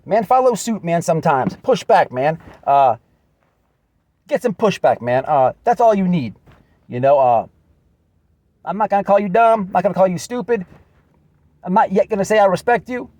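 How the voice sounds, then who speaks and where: A man's voice: sits high, expressive, moderate pace, pauses often, darkish tone. A man giving an earnest, repetitive direct message, often calling the listener "man". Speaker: channel host. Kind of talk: direct address video message.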